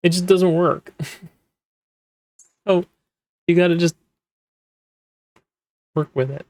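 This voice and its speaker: A manga translator and podcast host explains things casually, rambling with plenty of fillers and restarts. His voice is on the high side, steady, slow, and darkish in tone, with a dry recording.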